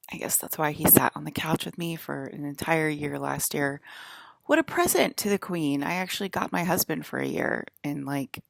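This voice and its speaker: A woman's voice: low-pitched, creaky, fairly bright tone, no echo, studio quality. A woman in a rambling personal monologue, leaning heavily on "like" as she talks. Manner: rambling, heavy use of "like". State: close to tears.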